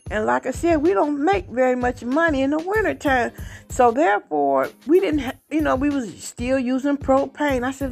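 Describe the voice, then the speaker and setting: A woman podcast host telling a personal faith testimony in a halting way, repeating words and rising in pitch when excited. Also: creaky. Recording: faint music behind.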